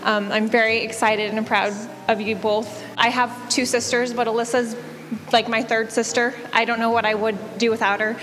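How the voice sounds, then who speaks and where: A young woman giving a heartfelt, slightly halting toast as maid of honor. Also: fairly high pitch, flat delivery. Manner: warm, laughing, a bit halting. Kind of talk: emotional wedding toast. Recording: echoey hall reverb. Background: soft music.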